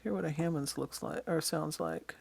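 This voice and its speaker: A birding instructor giving a casual slide-show lesson on bird identification, pointing out features in photos and often pausing with ums and uhs. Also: mid-range voice, gravelly, husky, dry recording. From Western Washington.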